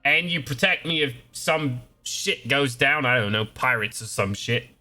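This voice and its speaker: A man's voice: mid-range voice, lively intonation, a little slow, pushed and bright. Man doing a giant Australian ship's cook. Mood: haggling. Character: huge gruff male ship's cook, blunt haggler. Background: faint battle music.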